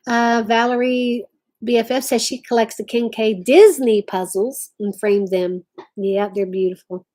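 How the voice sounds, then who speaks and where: A woman's voice: fairly high pitch, fairly even intonation, a little slow, warm tone. A woman hosting a casual craft livestream from home, chatting and reading viewer comments aloud. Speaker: livestream host.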